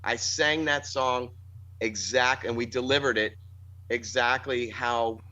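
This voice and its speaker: A man's voice: mid-range voice, steady tone, takes it slowly, sharp tone. A man, a band's singer, talking about his songs in a casual interview, thoughtful and rambling with restarts. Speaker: band singer. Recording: dull lo-fi sound.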